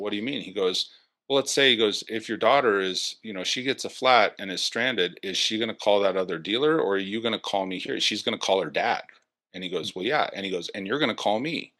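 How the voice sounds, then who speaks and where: A man, a guest in an interview, telling a sales story in a casual way and acting out the people in it. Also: lowish voice. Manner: animated, acts out quoted dialogue.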